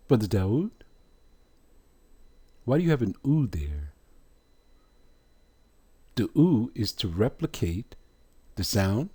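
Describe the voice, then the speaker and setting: A man teaching pronunciation in a slow, deliberate way, drawing sounds out and putting rhetorical questions to his listeners. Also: on the low side, dark tone, slightly rough. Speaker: religious teacher.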